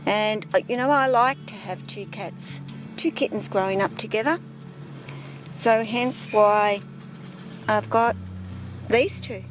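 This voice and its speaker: Woman, unhurried pet vlogger talking to camera outside, music bed underneath. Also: mid-range voice. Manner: chatty, talks baby talk to her cat. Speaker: vlogger filming her pets. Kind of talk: casual chat to camera. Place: outdoors in a yard.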